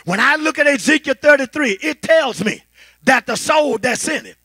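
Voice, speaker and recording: A pastor preaching a fervent sermon, calling to the congregation and building to a shout. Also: male voice, very high-pitched, lively intonation, normal speed, dry recording.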